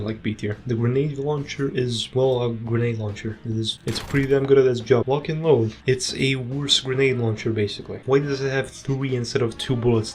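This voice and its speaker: A man giving casual tier-list commentary on video game weapons, with offhand, dry, quick verdicts. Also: mid-range voice, a little mellow. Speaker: gaming video creator.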